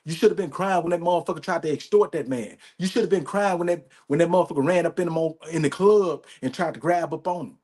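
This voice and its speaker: A man with a slightly higher-pitched voice hosts a podcast. He rants, swears freely and hammers his points with repetition. He keeps checking in with his listeners as he talks. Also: fast talker, hardly any pauses, a little mellow. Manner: emphatic, profane, repetitive, says "you know what I'm saying". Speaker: podcast host. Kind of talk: profane commentary rant.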